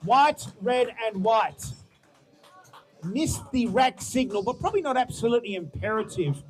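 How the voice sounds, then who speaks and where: A man announcing lifters at a powerlifting competition, chatty and musing aloud between loud cheers for good lifts. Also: very high-pitched, expressive, moderate pace, faint music behind. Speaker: meet announcer. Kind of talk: live powerlifting commentary.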